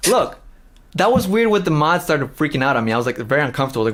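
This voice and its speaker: Man, streamer host, casual and loose, swearing, higher pitch, lively up and down. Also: fast. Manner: casual, swearing, many fillers and restarts. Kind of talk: casual live-stream chat.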